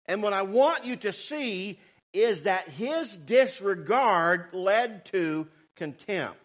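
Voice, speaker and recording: A man preaching a sermon, fervent and swinging between shouted warnings and quiet asides. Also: high-pitched, lively intonation, slow pace. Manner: fervent, rising to shouts, then quiet and sarcastic.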